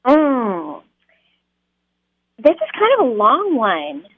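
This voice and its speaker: A woman's voice: a little high, wildly swooping pitch, takes it slowly, slightly rough, no echo. Chatty woman on a tinny line. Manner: chatty, laughs easily, many fillers. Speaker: actor guest. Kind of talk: casual interview storytelling.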